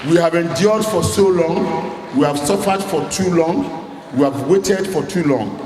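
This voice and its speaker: A man's voice: a little high, measured pace, a little mellow, a little hiss or hum. Rousing man in an echoey hall. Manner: rousing, emphatic oratory with crowd call-outs. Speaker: campaign director general. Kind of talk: rally speech. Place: large hall at a rally. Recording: echoey hall recording with faint ambience.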